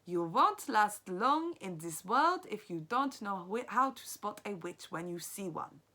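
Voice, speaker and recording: A woman's voice: mid-range voice, sing-song, bright, forceful tone, pitched above the performer's own voice, heavily acted. Woman putting on a grave old Norwegian grandma. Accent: attempted Norwegian. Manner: slow, grave, emphatic.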